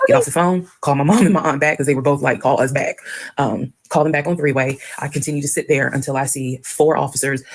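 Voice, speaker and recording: Fast, gravelly woman telling a story. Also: deep voice. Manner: frank, animated retelling with quoted dialogue. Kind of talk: casual storytelling.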